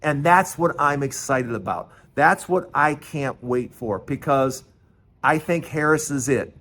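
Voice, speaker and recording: A man's voice: fairly high pitch, animated, unhurried, fairly bright tone, slight background noise. A man hosting a solo political commentary show, talking earnestly and repeating words for emphasis.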